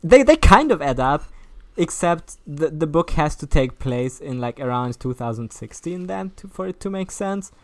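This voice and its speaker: A man's voice: fairly high pitch, sing-song, normal speed, hardly any pauses, no echo. A man co-hosting a casual chat, amused and nitpicking details of the story.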